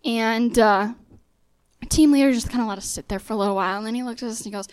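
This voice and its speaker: A young woman preaching in a storytelling way, her voice sitting fairly high. She acts out the back-and-forth of her story with lively quoted voices. The sound is close and dry, with no room around it. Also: fast, clean tone, no echo. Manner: animated storytelling, acting out dialogue in quoted voices. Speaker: speaker sharing a testimony. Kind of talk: sermon-style storytelling.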